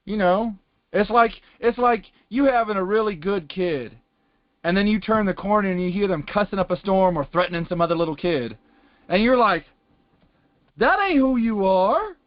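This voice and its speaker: High-voiced man rambling on a lo-fi call. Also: moderate pace, no room sound. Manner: rambling, colloquial, repeats "it's like". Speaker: class participant. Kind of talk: casual testimony on a call-in Bible class. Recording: dull lo-fi conference call line.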